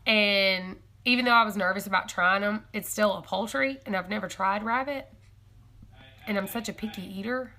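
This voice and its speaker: A young woman hosts a casual homesteading live stream, talking to her viewers in a bright, forward voice. She rambles and thinks aloud, correcting herself as she goes. She gets excited easily and laughs a lot. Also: mid-range voice, normal speed. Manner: chatty and excitable, laughs often.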